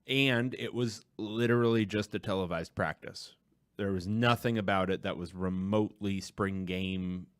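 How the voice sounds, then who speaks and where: Low, dry-voiced wry podcast co-host man. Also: moderate pace, clean tone, no echo. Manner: wry, deadpan, jokey. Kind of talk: casual chat. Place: studio.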